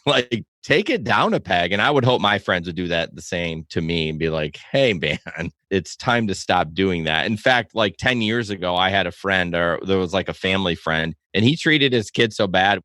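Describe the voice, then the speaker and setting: A man's voice: sits low, sharp tone, no room sound, studio quality. A man from Michigan, a podcast guest, speaking candidly and with strong opinions. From Michigan, USA. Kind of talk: casual podcast chat.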